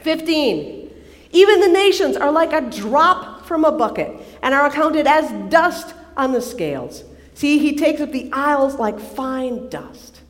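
A woman preaching a sermon to a live audience, animated and playful, often asking the listeners questions. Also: high-pitched. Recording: long hall reverb from a live service.

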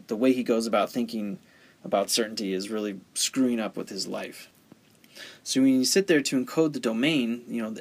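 A man teaching story structure in a conversational way, often asking rhetorical questions. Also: medium pitch. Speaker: writing teacher. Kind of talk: explaining story theory.

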